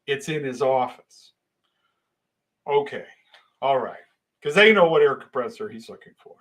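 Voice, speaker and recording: A man's voice: mid-range voice, animated, unhurried, fairly bright tone, rough recording. A middle-aged man casually telling a long personal anecdote, rambling with restarts and acting out exchanges. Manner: rambling, with many restarts and dramatic voice shifts. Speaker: storyteller.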